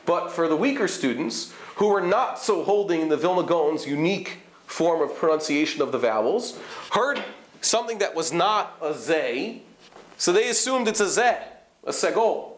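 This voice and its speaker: Male rabbi-teacher, slightly high voice, classroom lecture that demonstrates sounds and quizzes the class, echoey hall. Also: lively intonation, normal speed, a little hiss or hum. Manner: explanatory, questions the class, demonstrates vowel sounds. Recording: echoey room.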